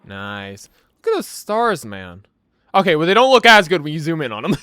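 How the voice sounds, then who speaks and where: A young man with a high, bright voice that leaps up and down as he chats over gameplay. He rambles, laughs easily and says "bro" a lot. The sound is close and dry, with no room in it. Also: wildly swooping pitch, moderate pace, clear, resonant tone, dry recording. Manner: rambling, laughs often, slangy with "bro" and "right?". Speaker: gaming YouTuber. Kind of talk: casual gameplay commentary.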